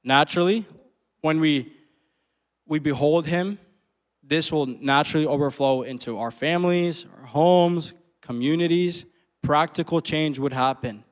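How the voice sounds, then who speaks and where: A man's voice: mid-range voice, a little slow, smooth. A man in his twenties telling a personal story during a sermon, casual and full of slang, laughing often. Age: 20s. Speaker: preacher.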